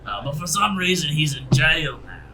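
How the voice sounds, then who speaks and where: A man's voice: fairly high pitch, big pitch swings, normal speed, background noise. Man playing a fumbling, placating ship captain. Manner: hesitant, placating, full of uhs. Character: nervous, folksy ship captain who tells bad jokes. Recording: echoey room, far from mic.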